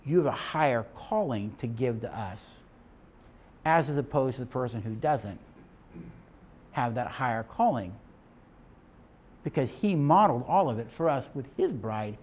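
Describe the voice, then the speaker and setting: A man's voice: mid-range voice, lively intonation, unhurried, long pauses, darkish tone. A man giving a lecture to couples, speaking in an emphatic, preacher-like way and asking his class questions. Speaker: marriage teacher.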